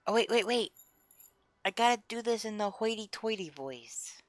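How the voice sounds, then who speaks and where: A young woman streaming a game, chatting casually with her viewers in an expressive, excitable way on a close desk mic. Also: fairly high pitch, moderate pace, dry recording. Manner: expressive, chatty, gets excited and laughs a lot. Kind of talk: casual live-stream chat.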